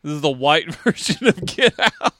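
A man co-hosting a casual podcast chat, talking in a lively way, laughing often and swearing casually. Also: on the high side, normal speed, a little hiss or hum. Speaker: podcast co-host.

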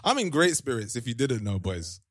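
A man's voice: mid-range voice, sing-song, fairly quick, breathy edge, no echo, clean studio sound. A man hosting a casual chat among friends, teasing and laughing as he talks. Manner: playful, laughing, teasing banter. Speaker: podcast host. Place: shared room with friends.

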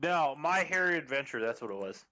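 Bright, lively teasing man. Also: medium pitch, a little fast. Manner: teasing, swears freely. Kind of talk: casual chat.

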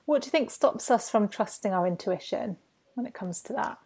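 A woman hosts a casual podcast interview, asking her questions thoughtfully and in a friendly way. Her voice is mellow and warm, and her pitch sits in a middle range. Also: lively intonation, a little fast, breathy edge. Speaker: podcast host.

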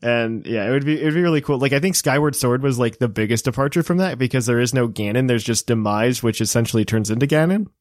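A man's voice: medium pitch, fast, few pauses, dry recording, studio quality. A man in his late twenties co-hosting a casual chat, rambling with lots of fillers and poking fun at himself. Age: 20s. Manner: rambling, filler-heavy, self-mocking.

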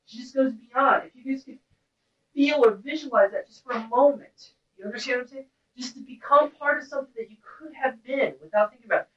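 A woman's voice: high-pitched, brisk, fairly bright tone. A woman teaching a class in an intense, blunt way, breaking now and then into wordless vocal cries. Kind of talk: impassioned lecture to a class. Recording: roomy, distant, dull-sounding recording.

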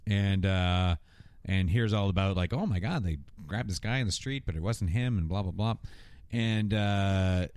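A man's voice: low-pitched, normal speed, clean tone, no echo, studio quality. A man casually recapping a TV episode, acting out the characters' lines as he goes. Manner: animated storytelling, acting out characters' lines with swearing and laughter. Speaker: podcast co-host recapping a TV episode. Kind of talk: casual chat.

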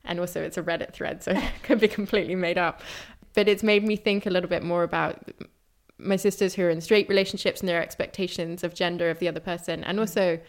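A woman hosting an interview speaks in a somewhat low register. She is chatty and candid, sharing personal stories with self-aware laughs before she asks her questions. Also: fairly even intonation, quick pace. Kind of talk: casual interview talk.

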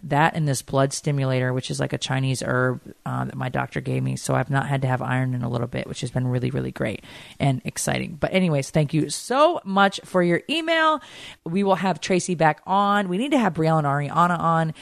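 A middle-aged woman co-hosting a podcast, telling stories in animated, chatty conversation. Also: low voice, fairly quick, vocal fry, dry recording. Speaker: podcast co-host. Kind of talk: casual chat.

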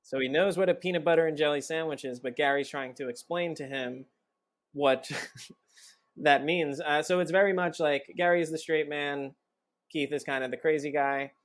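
A man's voice: a little high, fairly even intonation, moderate pace. A man guest on a casual podcast chat, talking at length and laughing mid-sentence.

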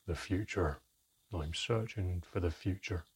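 A man voicing a cheerful father with a deep, gravelly voice who talks calmly and teases gently. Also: unhurried, exaggerated voice. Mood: heavy. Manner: calm, gently teasing.

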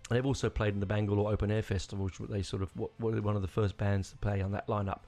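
A man talks on his own as a podcast host, rambling with plenty of restarts and real enthusiasm. His voice sits low and gravelly. Soft music plays faintly behind him. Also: little pitch movement, fast talker. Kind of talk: casual solo rambling.

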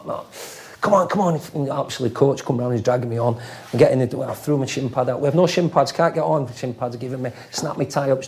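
A man's voice: medium pitch, dark tone. A middle-aged man telling football stories in a casual interview, acting out voices and swearing freely. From England, raised in Leeds. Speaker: former footballer guest.

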